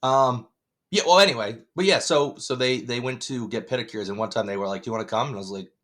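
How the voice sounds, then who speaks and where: A man's voice: mid-range voice, fairly quick, fairly bright tone. A middle-aged man co-hosting a podcast, telling rambling stories and laughing often. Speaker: podcast co-host. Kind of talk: casual chat.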